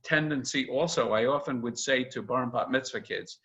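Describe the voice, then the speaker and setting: An older man, a rabbi, giving a chatty, animated informal lecture, quoting texts with frequent "uh"s. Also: medium pitch, normal speed. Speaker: rabbi teaching an intro class. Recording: dull lo-fi video-call audio.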